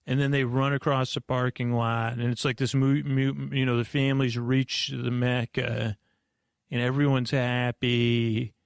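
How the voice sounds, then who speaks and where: A man slowly recapping a movie plot at bedtime, meandering with lots of fillers and restarts. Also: medium pitch, little pitch movement, gravelly, clear, resonant tone, no room sound, studio quality. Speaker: host.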